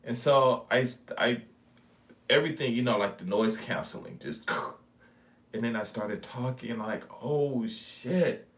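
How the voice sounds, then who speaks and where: A man's voice: mid-range voice, measured pace, long pauses, a bit bright. A middle-aged man from Michigan telling a casual, rambling story to camera, full of fillers and laughs. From Michigan, USA. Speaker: vlogger. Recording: slightly dull lo-fi sound, faint background noise.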